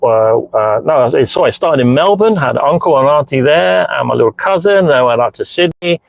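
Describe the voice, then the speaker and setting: A man's voice: mid-range voice, lively intonation, fairly quick, vocal fry, rough recording. A middle-aged man chatting casually on a live stream from inside his car, rambling as he answers viewers' messages. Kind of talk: casual live-stream chat while driving. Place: inside a car, parked in a lay-by. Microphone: phone mounted hands-free in the car.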